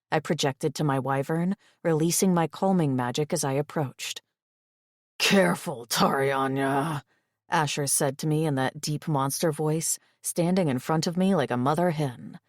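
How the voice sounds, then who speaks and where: A woman narrating a first-person audiobook in an expressive, breathy reading. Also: deep voice, no echo, clean studio sound.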